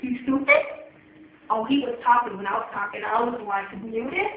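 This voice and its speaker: A teenage girl joking loudly in slang, filming a casual video on her phone. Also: fairly high pitch, moderate pace. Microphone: phone camera. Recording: echoey lo-fi phone recording with hiss.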